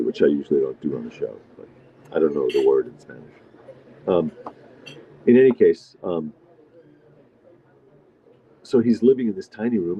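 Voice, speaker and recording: A middle-aged man hosting a casual live stream from a diner, rambling and answering viewer comments as he eats. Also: on the low side. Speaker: livestream host. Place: restaurant diner. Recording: dull lo-fi sound with faint music.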